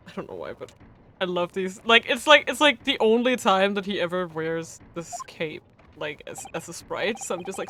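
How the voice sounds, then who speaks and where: A young woman streaming a game and reacting in casual, excitable, giggly commentary. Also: lowish voice, normal speed, slight background noise.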